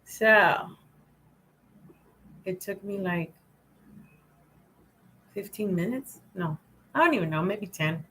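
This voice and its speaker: A woman's voice: mid-range voice, slow pace, long pauses, bright, forceful tone, low-quality recording. A woman hosting a casual spiritual livestream, rambling and repeating phrases, often laughing. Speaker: livestream host.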